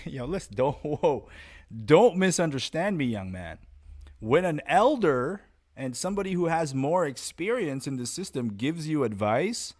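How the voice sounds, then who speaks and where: A man hosting a loose, unscripted podcast, blunt and profane, rambling from one thought to the next. His pitch sits in an ordinary middle range, and he speaks with animated energy. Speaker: podcast host and martial arts instructor. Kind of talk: casual unscripted podcast monologue.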